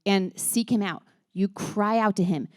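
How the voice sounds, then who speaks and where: A woman's voice: mid-range voice, a little slow, darkish tone, dry recording. Chatty, earnest woman with a dry sound. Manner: chatty and earnest, with many restarts and laughs. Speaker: speaker at a church moms' gathering. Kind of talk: casual talk to a women's group.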